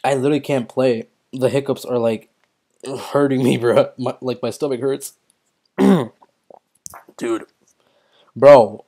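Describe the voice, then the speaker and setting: Slow and given to long pauses, a young man with a mid-range voice narrates his mobile game on a live stream. Casual and excitable, he curses often and reads chat aloud while hiccups and throat-clearing plague him.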